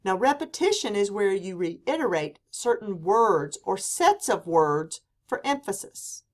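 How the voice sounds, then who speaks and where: Slow-paced woman teaching a lesson. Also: medium pitch, sing-song. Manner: slow, deliberate delivery with quoted examples read for emphasis. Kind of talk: classroom lecture.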